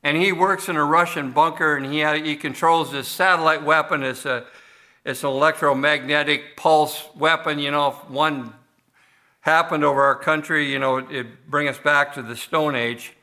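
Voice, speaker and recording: A man's voice: on the high side, fairly even intonation, normal speed, sharp tone. A man preaching a sermon as pastor of a church, talking conversationally with frequent restarts and fillers.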